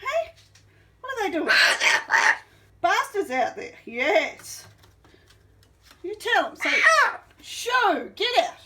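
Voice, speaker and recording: A woman coaxes and teases her pet in baby talk, her high voice swooping up and down. She speaks slowly and with a bright, sharp edge, indoors at home by a window. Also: sing-song. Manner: coaxing, teasing baby talk. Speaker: pet owner. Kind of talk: talking to a pet.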